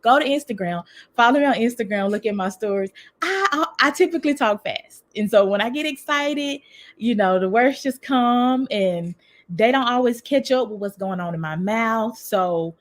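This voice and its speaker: A woman from Mississippi with a Southern US accent, a relationship coach talking fast and excitedly on a livestream from home. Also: fairly high pitch. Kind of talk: livestream talk. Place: home room with a heater running.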